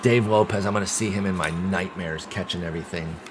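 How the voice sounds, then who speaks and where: A man streaming a baseball management game, calling the plays casually and swinging from calm calls to loud groans and outbursts. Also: low-pitched, a little fast, background noise. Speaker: gaming streamer. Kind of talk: casual play-by-play of a baseball sim.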